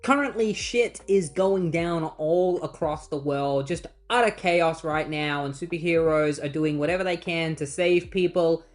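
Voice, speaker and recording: A man's voice: fairly high pitch, a little slow, hardly any pauses. A man casually recapping a comic book story in a chatty, sarcastic way and acting out the characters.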